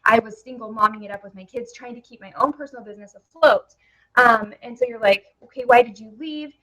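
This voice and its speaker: A woman's voice: a little high, fairly even intonation, fast talker, bright, forceful tone, rough recording. A young woman with a headset microphone, giving a live, chatty webinar presentation with many fillers. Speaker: network marketing presenter.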